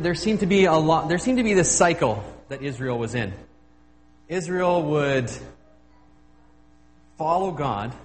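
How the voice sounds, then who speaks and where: A man, preaching as a guest pastor in an informal, halting style with self-deprecating humor. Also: medium pitch, big-room sound, a little hiss or hum. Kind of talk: sermon.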